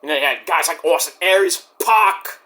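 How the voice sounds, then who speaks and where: Male vlogger, high bright voice, rambling and profane, slips into acted-out quotes. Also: moderate pace. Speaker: wrestling commentary vlogger. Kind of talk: casual rant.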